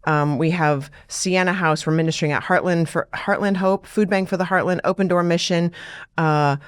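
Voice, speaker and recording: Lively woman host of a church show. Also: fairly low pitch, moderate pace, clear, resonant tone, dry recording, clean studio sound. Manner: lively, affirming, laughs often. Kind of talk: casual church podcast chat.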